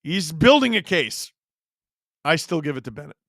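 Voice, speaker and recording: A man hosting a live watch-along, calling the game play-by-play in an excited way and breaking into shouts on big plays. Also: on the high side, normal speed, gravelly, no echo, clean studio sound.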